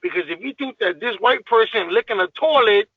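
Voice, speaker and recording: A man's voice: high-pitched, lively intonation, fairly quick, husky, no echo, phone-quality sound. A man guest on a podcast, ranting in a heated, profane, emphatic way in casual talk.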